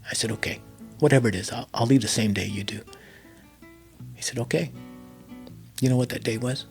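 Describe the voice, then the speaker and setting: A middle-aged man with a low, gravelly voice tells a story as an interview guest. He acts out each line of dialogue and sinks to a hushed near whisper when the story turns emotional. Soft guitar plays faintly behind him. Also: moderate pace, pauses often. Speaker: interview guest, army veteran pilot.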